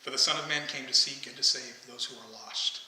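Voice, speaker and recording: A man's voice: medium pitch, steady tone, a little fast, pushed and bright, a little hiss or hum. A man preaching a conversational sermon, often asking the congregation questions. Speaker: pastor. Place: church sanctuary. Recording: echoey church hall, faint ambience.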